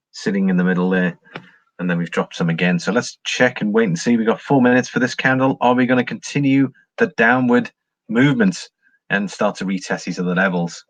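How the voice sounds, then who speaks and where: A man with a low voice runs a casual livestream, going over price charts and reading out viewer comments as he rambles. No room sound is audible.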